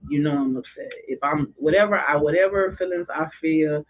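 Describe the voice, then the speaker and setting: A woman's voice: low voice, a little fast. A woman who works as a school drumming therapist and basketball coach, talking passionately and expressively in a casual podcast conversation. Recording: tinny phone-like sound.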